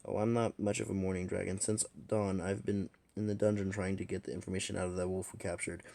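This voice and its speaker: A man's voice: deep voice, level tone, fast, creaky, mellow. A man voicing a grumpy female dragon who grumbles and hisses about everything. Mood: sheepish. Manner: grumbling, growly complaints.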